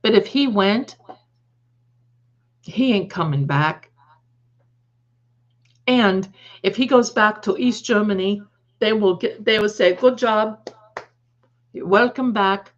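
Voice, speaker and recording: A woman hosts a casual live stream in a rambling, emphatic way, often restarting her thoughts. She takes her time, with a medium pitch. The audio is dull and lo-fi, like a low-quality stream. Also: slow pace, long pauses. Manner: rambling, emphatic, frequent self-corrections.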